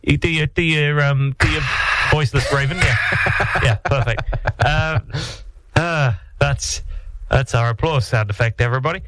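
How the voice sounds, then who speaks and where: A man's voice: a little high, normal speed, heavy background noise. A man hosting a morning radio show, chatting playfully and rambling in a studio. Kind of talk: casual studio banter.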